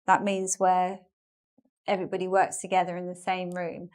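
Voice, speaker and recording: A woman's voice: fairly low pitch, monotone, moderate pace, darkish tone. A woman with a British English accent from England, teaching an online English lesson in a chatty way and explaining phrases with examples and asides.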